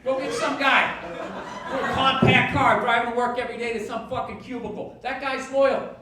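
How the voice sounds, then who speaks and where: A man doing a stand-up comedy set, ranting and profane, swinging from low grumbles to shouted outrage. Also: little pitch movement, moderate pace. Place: comedy club stage with audience laughter. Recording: echoey live stage recording from a distance, loud noise.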